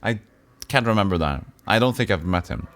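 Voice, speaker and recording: Deep-voiced streamer guy, jokey casual chat, bouncy lively delivery. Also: brisk. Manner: joking, reads chat aloud and answers. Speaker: livestreamer playing a retro RPG. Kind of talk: casual let's-play chat.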